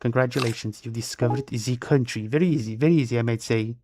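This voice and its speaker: A man from Romania streams games live, teasing viewers with wordplay and recurring phrases in his Romanian accent. He talks fast at a medium pitch, and the noisy stream audio carries clicks.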